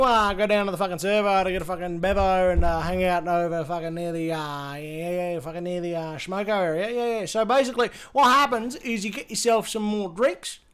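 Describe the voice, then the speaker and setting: Brief: man doing a loud, higher-pitched caricature of a crude Australian bloke, Australian accent, rambling slang. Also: clean tone.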